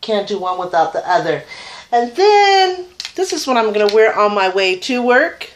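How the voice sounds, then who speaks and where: A woman's voice: mid-range voice, sing-song, normal speed, slight background noise. Woman, beauty vlogger, casual tutorial chat, rambling, enthusiastic, camera mic. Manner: chatty, rambling, enthusiastic about products.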